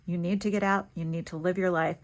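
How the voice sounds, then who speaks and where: Woman vlogger, lower-pitched, casual storyteller, animated and quick to laugh. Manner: chatty, animated, laughs easily.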